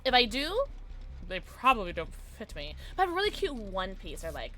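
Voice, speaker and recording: A woman livestreaming while gaming, chatting excitedly with her viewers in a loose, filler-heavy way. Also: mid-range voice, a little fast. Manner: excitable, chatty, talks to chat, many fillers like "like". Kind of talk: casual gaming livestream chat. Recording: game music audible behind voice.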